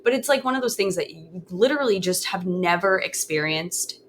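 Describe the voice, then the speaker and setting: A woman in her thirties speaks in a slightly low voice, earnest and halting, often stopping to restart a sentence. She recounts her story candidly in conversation. A faint hum of room noise sits under her voice. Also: lively intonation. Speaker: podcast guest.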